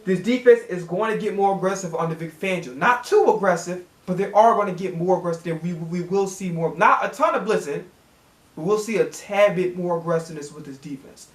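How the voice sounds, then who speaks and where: Fired-up cursing man, high voice. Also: fairly quick, reverberant. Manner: heated, cursing, repeating words when fired up. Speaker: sports reaction channel host. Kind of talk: profane fan rant.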